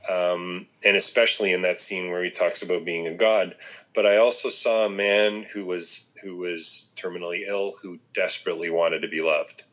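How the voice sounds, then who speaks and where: A man in casual conversation about a film, thinking aloud with frequent pauses and restarts. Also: sits low, little pitch movement, a bit bright, low-quality recording. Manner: reflective, thinks aloud with many ums and restarts. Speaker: podcast co-host discussing a film.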